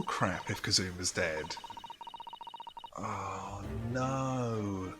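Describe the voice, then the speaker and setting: A man hosting a casual let's play, reacting excitably and joking while he plays. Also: deep voice, drawn-out words, slight background noise. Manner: excitable, jokey, reacts and rambles. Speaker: gaming let's play host. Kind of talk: casual game commentary. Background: game music.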